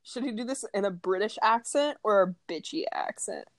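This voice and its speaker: A woman chatting casually as a podcast host, rambling and laughing between swear words. Her voice sits at an ordinary pitch for a woman. The sound is dry and close, with little room echo. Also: animated, normal speed. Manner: giggly, swears a lot, rambling. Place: room at home.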